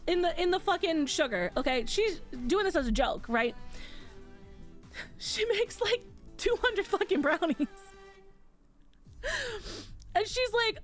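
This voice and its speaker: High-pitched, animated woman streamer. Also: moderate pace, long pauses, soft background music. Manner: animated, swears freely, laughs often. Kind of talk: casual chat, retelling a book.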